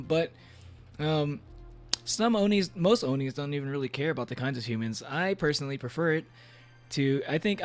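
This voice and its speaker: Playful male streamer, slightly high voice. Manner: playful, rambling, joking in character as a demon; many fillers and restarts. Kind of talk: casual livestream chat, reading aloud and reacting. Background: faint background music.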